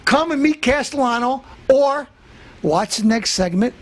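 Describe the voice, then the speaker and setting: A man hosting a comedy show, ranting in a boastful tough-guy manner, threatening to beat everyone up and breaking into shouts. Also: extremely high pitch, animated, measured pace. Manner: bursts into shouting. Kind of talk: comic tough-guy rant.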